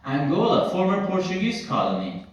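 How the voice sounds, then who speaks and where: An Italian-born man with an American-sounding accent doing a stand-up set on a club stage, deadpan and full of halting restarts. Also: high voice, very echoey, distant mic. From Italy. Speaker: stand-up comedian. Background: audience laughter.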